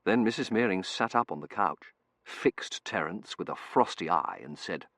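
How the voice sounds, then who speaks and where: A man narrating an audiobook with dry, expressive storytelling. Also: deep voice, moderate pace, creaky, dry recording. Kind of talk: scripted narration.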